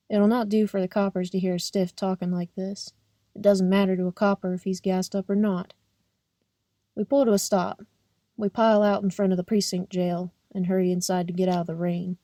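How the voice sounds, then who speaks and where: A young woman reading a novel aloud as an audiobook in a steady, plain first-person narration. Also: mid-range voice, moderate pace, dry recording, studio quality. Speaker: audiobook reader.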